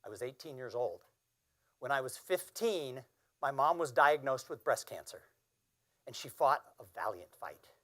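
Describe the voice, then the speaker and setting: A man's voice: mid-range voice, lively intonation, moderate pace, a bit bright. A man in his fifties giving a keynote speech, telling a personal story in an earnest, emphatic way. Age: 50s. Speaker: keynote speaker.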